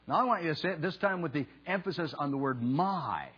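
A pastor preaching a sermon in a church, speaking slowly and emphatically and leading the congregation in call and response. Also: male voice, fairly high pitch, expressive, slightly rough. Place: church sanctuary. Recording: dull lo-fi sound with mains hum.

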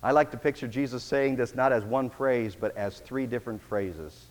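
A man preaching a sermon as pastor, emphatic, swinging between loud declarations and quiet, intimate passages. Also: mid-range voice, normal speed, big-room sound.

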